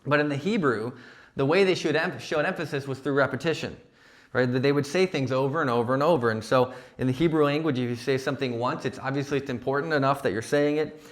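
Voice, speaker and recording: A man's voice: medium pitch, fast talker. A man giving a sermon at a young adults retreat, conversational, often checking in with "right?". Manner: conversational preaching, frequent "right?" and "like". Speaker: young adult ministry speaker. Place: church retreat session.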